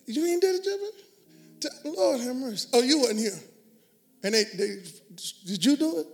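A man preaches from the pulpit in an unusually high, ringing voice for a man. He is middle-aged and talks with emphatic call-and-response, pushing his listeners to answer back. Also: bright, forceful tone. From Houston area, US. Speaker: pastor. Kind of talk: sermon.

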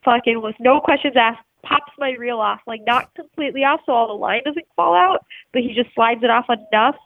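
A woman telling an animated, casual story, full of "like" fillers and swearing freely. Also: a little high, fairly quick, creaky, dry recording. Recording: tinny dry phone line.

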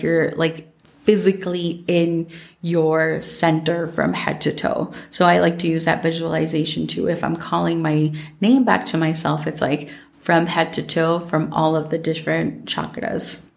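A woman hosts her own podcast, musing aloud in a gentle, rambling way. Her voice sits on the low side with a gravelly fry. She keeps circling back with casual fillers as she thinks. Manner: gentle, meandering, many "like" fillers. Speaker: podcast host. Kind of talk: reflective solo podcast talk.

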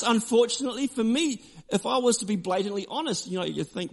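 A man preaching a sermon, emphatic and repetitive, shifting between forceful declarations and quieter storytelling. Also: extremely high pitch, brisk, creaky, few pauses. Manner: emphatic, repeats key phrases, drops to quiet storytelling. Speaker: pastor.

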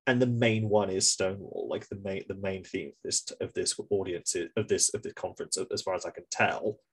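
A low, husky-voiced man talks loosely and casually as a podcast co-host. He swears freely and often restarts his sentences with repeated words. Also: fairly even intonation, fairly quick. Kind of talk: casual political chat.

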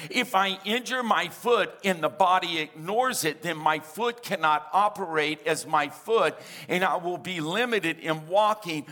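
A man preaching from the pulpit in a bright, forceful voice that sits a little high. He keeps a lively call-and-response going, asking the congregation for amens. He slips humorous asides into the sermon. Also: unhurried. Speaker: pastor.

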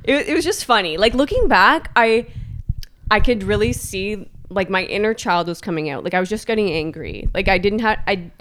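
A woman guest on a podcast, recounting her race in casual, expressive chat with an exasperated edge. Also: medium pitch, moderate pace.

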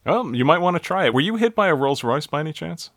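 A man from the United States co-hosting a casual chat, relaxed as he recaps scenes and asks questions. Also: a little high, quick pace, no echo, studio quality. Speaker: podcast co-host. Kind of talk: casual chat and film commentary.

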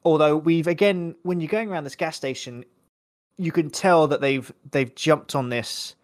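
A man's voice: fairly high pitch, normal speed. A young man co-hosting a podcast, chatting casually and rambling through a film review. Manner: rambling, self-correcting, chatty. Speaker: podcast co-host.

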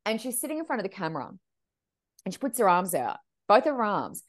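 A woman working as a medium, telling stories as a podcast guest in a lively, expressive way and acting out the voices she quotes. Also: medium pitch, a little fast. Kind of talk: animated storytelling chat.

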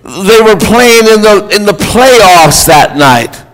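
A man's voice: high-pitched, expressive, slow, a bit bright, poor audio. A man preaching a sermon as a pastor, in an earnest, exhorting delivery.

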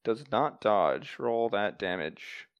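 Gravelly, lowish male game master; calm, matter-of-fact rules talk, dry close sound. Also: takes it slowly, dry recording, lo-fi sound. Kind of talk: narrating a tabletop game.

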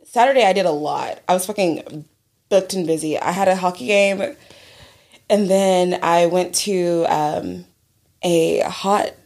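A young woman talks casually as a podcast co-host. Her voice sits fairly low for a woman, and she rambles with lots of fillers and giggles. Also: unhurried, a little mellow. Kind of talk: casual chat.

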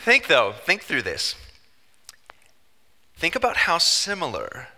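A man preaching a sermon as pastor, emphatic and animated, with joking asides. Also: fairly high pitch, slow, long pauses. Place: church sanctuary. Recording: long church-hall reverb.

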